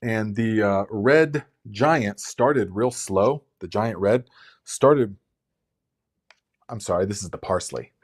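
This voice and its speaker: A man's voice: lowish voice, takes it slowly. A man hosting a casual live gardening Q&A, chatty and rambling, with lots of fillers and restarts. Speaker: gardening channel host.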